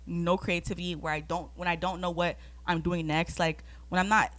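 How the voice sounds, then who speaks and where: A woman's voice: lowish voice, level tone, moderate pace, fairly bright tone, no echo. A woman in her twenties co-hosting a podcast, chatting casually, supportive and playful. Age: 20s. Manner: supportive, backchannels a lot, playful. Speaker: podcast co-host. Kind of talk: casual chat.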